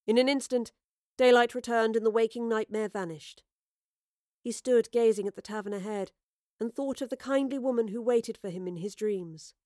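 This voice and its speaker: A woman's voice: on the high side, no room sound. Woman narrating a story, close and dry. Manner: measured, expressive storytelling. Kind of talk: scripted audio drama narration.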